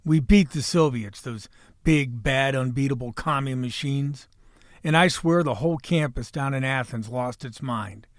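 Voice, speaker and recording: A man in his sixties hosting a podcast, delivering a folksy, wisecracking monologue with salty language and a hoarse voice. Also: medium pitch, measured pace, dry recording, clean studio sound. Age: 60s. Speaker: podcast host. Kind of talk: opening monologue and casual chat.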